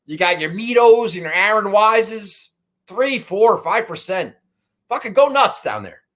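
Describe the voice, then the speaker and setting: With a high, sing-song, fairly bright voice and an unhurried pace, a man hosts a golf betting podcast. The casual chat is rambling, full of profanity, and self-deprecating.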